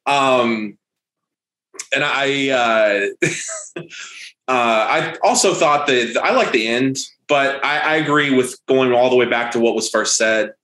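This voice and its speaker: A man chatting casually about a film, stopping and restarting his sentences, filling pauses and swearing bluntly. His voice carries a noticeable roomy echo around it. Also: medium pitch, pushed and bright. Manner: halting, many fillers and restarts, blunt profanity. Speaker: podcast co-host reviewing a horror movie. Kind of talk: casual chat.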